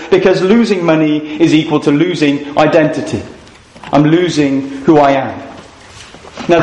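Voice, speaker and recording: A man preaching a sermon at a family camp, earnest and storytelling, using rhetorical questions. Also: high-pitched. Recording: echoey room, faint noise.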